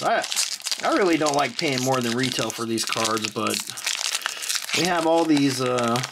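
A host excitedly opening trading card packs on camera, chatting casually, often exclaiming and apologizing, and drifting into rambling asides. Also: medium pitch, very noisy. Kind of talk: casual pack-opening commentary.

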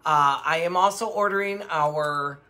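On her live jewelry sale show, an older woman with a low-sitting voice takes an unhurried pace. She rambles casually through stories, laughing often, animated and leaning on plenty of fillers.

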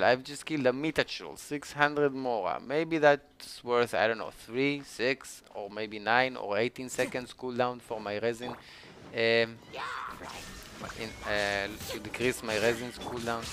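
A man with a non-native English accent streaming a game live, ranting and swearing excitedly as he plays. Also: medium pitch. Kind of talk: live gameplay commentary.

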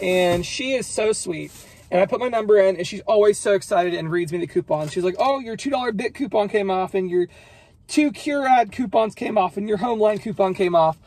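Brief: upbeat American man, vlogger, high voice, faint hiss behind. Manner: chatty, enthusiastic about deals. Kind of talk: casual chat. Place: car and store.

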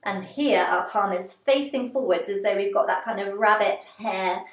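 A woman leading a gentle seated movement class, giving encouraging step-by-step cues. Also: mid-range voice, normal speed. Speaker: dance and movement instructor. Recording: roomy, echoey room.

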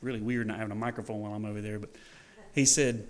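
A man preaching a sermon in a church, animated and folksy, acting out scenes and joking with the congregation. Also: on the low side, fairly quick, pauses often. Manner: animated, acts out scenes in varied voices. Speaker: pastor. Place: church sanctuary.

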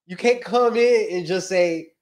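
A man co-hosting a talk show in casual chat, quick to react and laugh. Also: high-pitched, darkish tone. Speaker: co-host.

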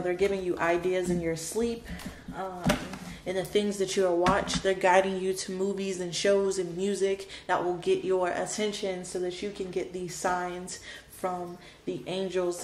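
A woman giving a spoken tarot card reading, emotional and dramatic, repeating her phrases for emphasis. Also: lowish voice. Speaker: tarot reader. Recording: roomy echo with faint background noise.

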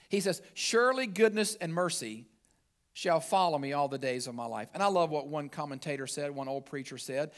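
Male pastor, sermon delivery, fairly high voice, swells loud then sinks low, talks to the room in asides. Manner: emphatic preaching, rising loud for emphasis and dropping low at phrase ends; conversational asides to the congregation. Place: church sanctuary.

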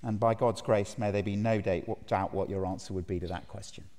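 A man's voice: fairly low pitch, steady tone, moderate pace, mellow. Earnest preacher man in an echoing hall. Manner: earnest, emphatic, asks the audience direct questions. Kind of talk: sermon. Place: large conference hall. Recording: reverberant hall.

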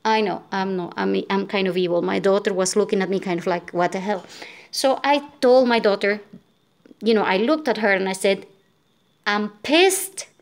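Exhausted woman vlogger, venting frustration in a rambling rant, mid-pitched voice. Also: fairly quick, creaky. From Venezuela. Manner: frustrated, venting, many fillers and restarts. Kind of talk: casual storytelling rant.

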